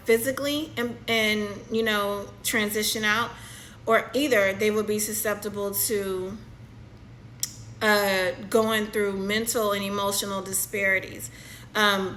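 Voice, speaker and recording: Bright-voiced woman narrating a vision. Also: medium pitch, slight background noise, poor audio. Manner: halting, repeats phrases, checks in with "okay?". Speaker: spiritual channeler. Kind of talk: channeled reading, narrating a vision.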